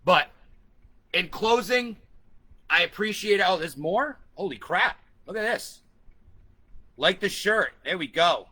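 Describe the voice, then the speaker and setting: A man with a high, very bright and cutting voice rants to the camera, swearing freely and hammering each point home. He moves between combative tirades and answering viewer comments in a vlog. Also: expressive, a little slow, slightly rough, poor audio. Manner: profane, combative, emphatic. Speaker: vlogger. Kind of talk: ranting vlog, reading comments.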